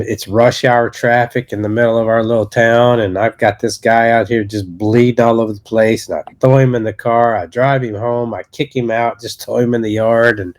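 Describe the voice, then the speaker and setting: Being interviewed for a podcast, a man in his thirties, an associate pastor, relates his testimony in an earnest, stop-and-start way with lots of restarts. He speaks at a medium pitch.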